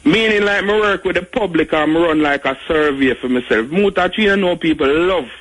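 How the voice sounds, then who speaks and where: A Jamaican man calling in to a radio show, his voice sitting a bit high for a man. He talks earnestly and rambles, stacking up fillers as he makes his point. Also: brisk, fairly bright tone, poor audio. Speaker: caller. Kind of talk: radio call-in chat.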